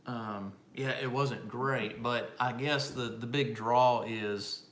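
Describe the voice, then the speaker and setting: A man's voice: mid-range voice, fairly even intonation, slow, fairly bright tone. A man co-hosting a live stream, speaking casually and often restarting his sentences. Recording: roomy live-stream audio with faint noise.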